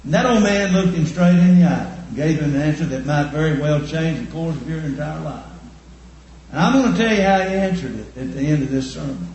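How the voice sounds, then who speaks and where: A man preaching a sermon, telling homespun stories and repeating his points slowly for emphasis. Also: fairly high pitch, darkish tone, highs cut off. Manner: folksy, homespun storytelling with slow emphatic repetition. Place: church. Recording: echoey church room.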